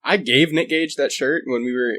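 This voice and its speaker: A man's voice: medium pitch, normal speed, sharp tone. A young man co-hosting a podcast, laid-back and profane, often chiming in with short agreeing replies. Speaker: podcast co-host. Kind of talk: casual chat.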